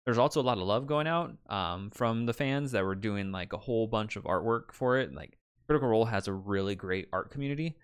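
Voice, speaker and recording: A man's voice: lowish voice, animated, fairly quick, hardly any pauses, clear, resonant tone. A man co-hosting a podcast, telling a long story in casual chat with lots of fillers. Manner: rambling storyteller with many fillers. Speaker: podcast co-host.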